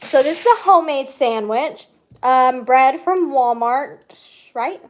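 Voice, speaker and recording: A woman with a high, animated voice speaks slowly while hosting her own channel. It's a casual mukbang chat: she eats, teases, and often talks with her mouth full.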